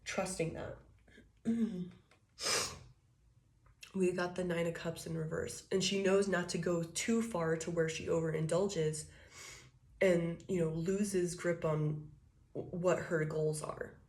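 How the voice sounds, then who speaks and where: A woman's voice: lowish voice, fairly even intonation, takes it slowly, long pauses, darkish tone. A woman giving a casual tarot reading, talking loosely and profanely, laughing often and acting out quoted thoughts. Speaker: tarot reader.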